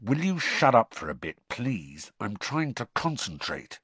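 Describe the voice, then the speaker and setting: A man's voice: medium pitch, very animated, measured pace, a bit bright, husky, no echo, heavily acted. A man voicing a tense teenage boy under pressure, speaking in a clipped, strained way.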